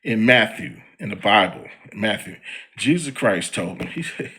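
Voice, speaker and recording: A man's voice: fairly low pitch, normal speed. A man hosting a podcast, giving a slangy, heated commentary monologue aimed at a public figure. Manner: slangy and animated, addressing a celebrity directly. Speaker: podcast host.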